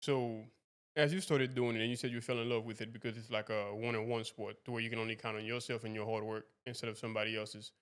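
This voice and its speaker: A man's voice: on the low side, little pitch movement, quick pace, fairly bright tone. A man hosting a podcast interview, asking long rambling questions that loop back and restart. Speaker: podcast host. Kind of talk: casual interview.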